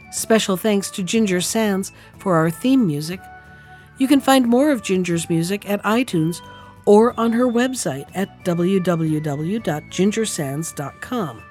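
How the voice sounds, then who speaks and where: A woman hosting a podcast, reading a fairy tale aloud in a measured, clear way. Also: mid-range voice, darkish tone. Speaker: podcast storyteller.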